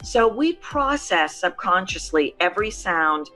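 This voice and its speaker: A woman's voice: fairly low pitch, very animated, unhurried, bright, forceful tone, soft background music. A middle-aged woman, a voice coach, answering interview questions in an emphatic, teacherly way. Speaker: voice coach guest.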